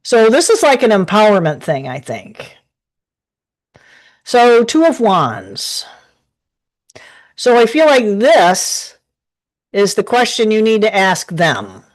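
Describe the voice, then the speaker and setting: A woman gives a loose, chatty tarot reading from her desk at home. She rambles along and restarts her sentences often, and her voice sits at a middle pitch. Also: sing-song, slow, pauses often. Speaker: tarot reader. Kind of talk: casual live tarot reading.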